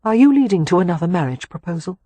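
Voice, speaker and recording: A guarded young governess in an audiobook romance, read by a man. She speaks hesitantly and quietly, in a somewhat high, husky voice, close and dry. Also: sing-song, fast talker, no room sound. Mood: wistful. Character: reserved young English governess, guarded woman.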